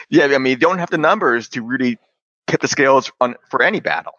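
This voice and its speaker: A man's voice: mid-range voice, expressive, fairly quick, bright, forceful tone, dry recording, lo-fi sound. A man on a fan discussion panel, chatting casually and padding his talk with "I mean" and "you know.". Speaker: podcast panelist.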